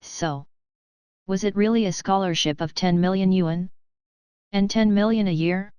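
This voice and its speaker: A woman's voice: medium pitch, a little slow, darkish tone, clear, resonant tone, no room sound, natural voice. Woman voicing a blustering teenage girl, proud, fiery, clean dry recording. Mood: astonished.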